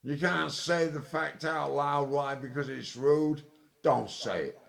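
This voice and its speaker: A tipsy man delivering an angry, sweary, rambling monologue, with sudden loud outbursts. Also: a little high, slow, vocal fry. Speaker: vlogger. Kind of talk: ranting monologue.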